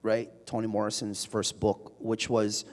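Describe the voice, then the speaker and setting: A man with a fairly low, slightly slow voice tells stories onstage as a guest speaker in a large, reverberant hall. It's a public conversation before a live audience, and he narrates with animation, acting out the people he quotes.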